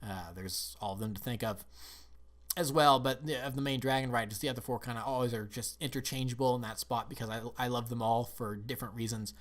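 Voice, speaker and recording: A man's voice: medium pitch, fairly even intonation, fairly quick, fairly bright tone. A man talking casually as a film and TV reviewer, eager and rambling, often restarting his sentences.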